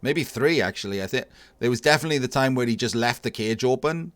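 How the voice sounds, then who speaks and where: A man casually commentating a video game tournament match, analysing plays in a relaxed, thinking-aloud way. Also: medium pitch, fast, dry recording. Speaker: tournament caster.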